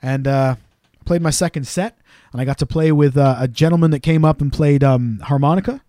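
A man with a fairly high, mellow voice tells stories in an easy, animated chat. He sometimes slips into quick voices for the people he describes. The sound is dry and close. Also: no room sound. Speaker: podcast co-host. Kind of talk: casual storytelling chat.

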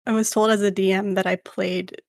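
A woman's voice: mid-range voice, level tone, a little fast, dry recording, clean studio sound. A woman who runs tabletop games, chatting casually on a podcast in a self-deprecating way. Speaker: game master and podcast co-host. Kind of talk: casual chat.

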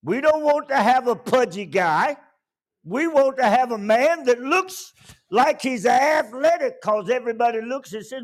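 A male pastor preaching a sermon in a church, swinging between loud bursts and quiet asides. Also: very high voice, animated, unhurried.

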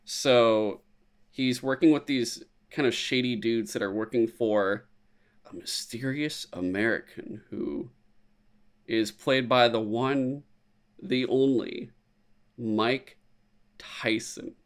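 Speaking slowly in a mid-range voice, a man energetically recaps films in a casual podcast chat, cursing freely. Any time he quotes someone, he puts on a silly voice.

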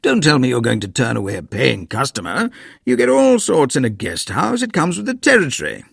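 A man's voice: medium pitch, wildly swooping pitch, a little fast, creaky, breathy edge, dry recording, studio quality, pitched above the performer's own voice, full character voice. A man voicing a blustering, scornful old grandfather who lectures his family in a storybook reading.

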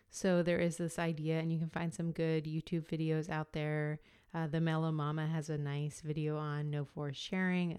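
Low, smooth-voiced woman podcast host. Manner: explanatory, compares ideas calmly with frequent fillers. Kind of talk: solo podcast monologue.

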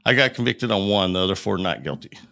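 A middle-aged man with a gravelly, creaky edge and a bright, forceful tone. He tells his story with energy as a podcast guest and acts out each voice in the dialogue. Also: low voice, fast. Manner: animated storyteller acting out quoted dialogue. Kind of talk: storytelling in an interview.

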